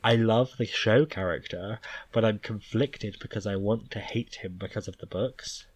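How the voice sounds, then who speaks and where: A man co-hosting a podcast in a somewhat low voice. He chats casually and enthusiastically, laughing often and firing off quick bursts of opinion. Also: slightly rough. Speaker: podcast co-host. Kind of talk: casual chat.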